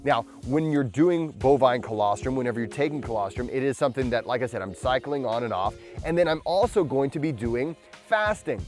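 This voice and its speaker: A man's voice: mid-range voice, expressive, a little fast, hardly any pauses, darkish tone, faint music behind. A man hosting his own channel, talking casually to camera about a supplement, often restarting his sentences. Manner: rambling, restarts often, talks with powder under his tongue. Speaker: channel host.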